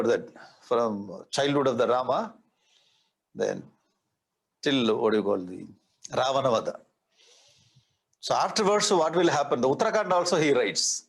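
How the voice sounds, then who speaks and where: A man's voice: medium pitch, rough recording. A man with an Indian English accent giving a spiritual discourse as a swami, explaining scripture verse by verse, reciting Sanskrit lines and adding playful asides. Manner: explains verse by verse, repeating key words.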